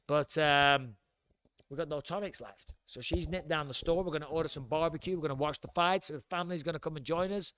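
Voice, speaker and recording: A man's voice: on the high side, fairly quick, a bit bright. A middle-aged man with an English accent, hosting a casual livestream from home, chatty and blunt, swearing freely. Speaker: livestream host.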